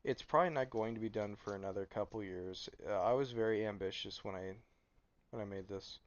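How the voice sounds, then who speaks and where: A man's voice: lowish voice, fairly quick, no room sound. A sleep-deprived man streaming late at night, chatting casually and rambling with stammered restarts. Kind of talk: casual live stream chat. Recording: dull lo-fi mic.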